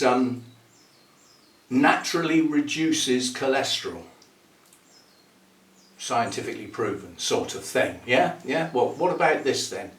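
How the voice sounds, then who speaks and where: A playful man from the UK rambles casually to his viewers and laughs at his own word games. His middle-pitched voice sounds echoey, as if the mic sits well away from him in an open room. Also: distant mic. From United Kingdom. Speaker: orchid channel host. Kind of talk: casual rambling chat to camera.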